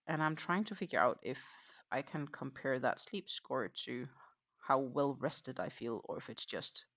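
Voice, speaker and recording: A crochet livestream host chatting casually while working, rambling with lots of hesitations and quietly counting stitches. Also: medium pitch, expressive, unhurried. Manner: rambling and hesitant, many fillers, counts stitches under breath.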